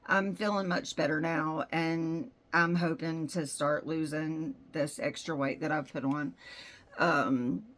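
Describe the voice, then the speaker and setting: A woman's voice: low voice, fairly even intonation, slow, a bit bright. A woman vlogger chatting casually through an unboxing at home, rambling and frank with her opinions.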